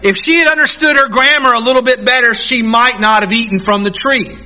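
High, bright-voiced male preacher. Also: lo-fi sound. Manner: earnest, emphatic preaching with dramatic slowdowns. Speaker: pastor. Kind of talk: sermon.

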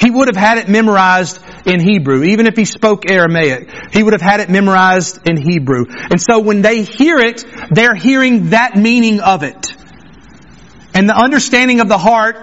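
High-voiced man preaching emphatically. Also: fairly bright tone. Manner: emphatic, repeats phrases for stress. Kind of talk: sermon. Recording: dull lo-fi recording.

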